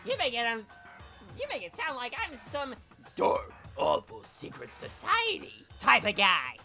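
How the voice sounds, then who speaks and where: Woman doing a mocking evil bear, high voice, slow and teasing, drawn-out delivery. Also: huge pitch swings, sharp tone, faint music behind, heavily acted. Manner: singsong, teasing. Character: sly, mocking male bear mastermind. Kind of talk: fan voice-acting game reading.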